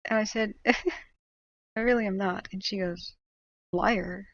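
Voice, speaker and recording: A woman's voice: mid-range voice, takes it slowly, dry recording. Chatty ranting woman streamer, lo-fi audio. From United States. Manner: animated, ranting, chatty with laughs and fillers. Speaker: livestream host tracking wildfires. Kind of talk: casual livestream commentary.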